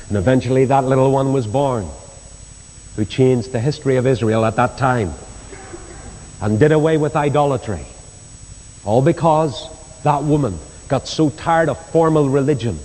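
In a hall with long reverb, an older Northern Irish man delivers a sermon built around storytelling from the Bible. His voice is a little mellow and moderately paced, and he performs the quoted voices, pushing his pitch up to stress points.

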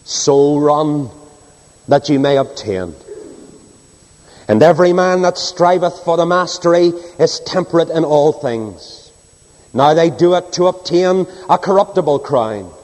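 A fervent preacher, his fairly high voice leaping from ringing cries to hushed, low asides as he reads scripture. Every phrase carries a long reverb, as in a large church hall. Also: animated, a little slow. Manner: impassioned, swinging between soaring high cries and low hushed drops. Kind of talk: sermon with scripture reading.

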